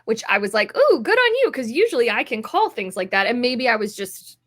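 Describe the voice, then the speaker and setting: Woman rambling on a podcast, kinda high voice, lots of ums. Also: animated, a little fast. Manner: chatty, rambling, many fillers. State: yawning, tired. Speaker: podcast co-host. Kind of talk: casual podcast chat.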